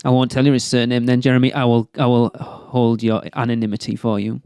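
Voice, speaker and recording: A man's voice: medium pitch, level tone, brisk, darkish tone, clean tone, dry recording, clean studio sound. A man co-hosting a podcast in casual chat, full of teasing, sarcastic banter. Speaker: podcast co-host.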